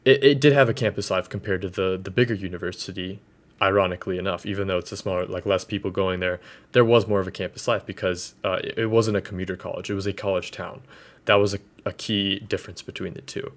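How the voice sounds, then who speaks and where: Quick-paced and low-voiced with fairly even intonation, a young man in his twenties rants loosely about college for his vlog, leaning heavily on slang and filler words.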